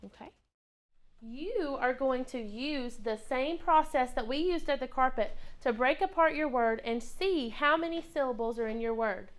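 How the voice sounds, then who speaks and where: A woman's voice: high voice, normal speed. A woman teaching kindergarten in a classroom, patient and encouraging, asking the children lots of prompting questions.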